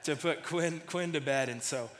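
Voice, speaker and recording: A man in his thirties preaches a casual, story-driven sermon with a slightly higher-than-usual voice. He often stumbles over and repeats the first words of a phrase as he talks. A long hall reverb trails behind every phrase. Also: moderate pace, fairly bright tone, a little hiss or hum. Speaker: pastor.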